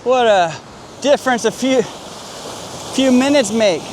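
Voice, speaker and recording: A man's voice: very high voice, animated, slow, soft background music. A photographer vlogging outdoors on a rocky coast, a man talking to himself in an exclamatory, self-deprecating way. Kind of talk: casual vlog talk on location.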